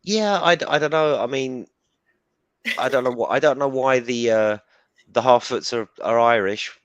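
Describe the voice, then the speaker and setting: A man, a guest on a live-stream chat, talking casually and haltingly, often repeating and restarting his words. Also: mid-range voice, clear, resonant tone, no room sound, highs cut off.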